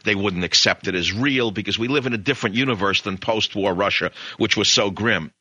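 Middle-aged american radio host, low voice but really sharp edge, rambling opinionated monologue, dry sound. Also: male voice, brisk, breathy edge, no room sound. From United States. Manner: rambling, emphatic retelling with opinionated asides.

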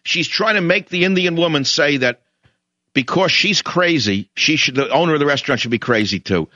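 Bright, animated older man ranting. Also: a little high, moderate pace, no room sound, highs cut off. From New York. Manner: indignant, mocking, storytelling with mimicked voices. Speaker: radio talk show host. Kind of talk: ranting monologue.

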